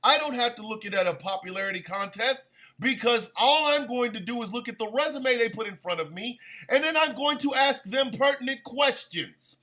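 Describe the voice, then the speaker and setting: A man's voice: very high voice, animated, normal speed, sharp tone. A man hosting a stream radio show, delivering a heated, profane and sarcastic political rant.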